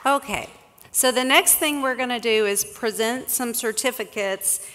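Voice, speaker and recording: A woman's voice: fairly high pitch, measured pace, a bit bright. Woman presenting awards in a hall. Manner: calls out names and sites, some slips and restarts. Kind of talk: slow announcing of names at a conference. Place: large conference hall with an audience. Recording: distant echoey hall, crowd murmur.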